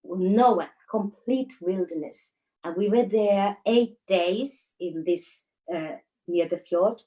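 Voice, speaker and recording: A woman's voice: medium pitch, takes it slowly, warm tone, low-quality recording. Finnish woman telling stories, laughing. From Finland. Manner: storytelling with frequent laughs and hesitations. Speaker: guest, dancer. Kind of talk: casual interview chat.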